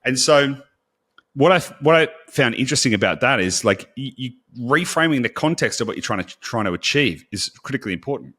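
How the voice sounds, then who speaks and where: A man co-hosting a podcast in a casual, blunt, animated way, swearing freely. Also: mid-range voice, brisk, husky. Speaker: podcast co-host.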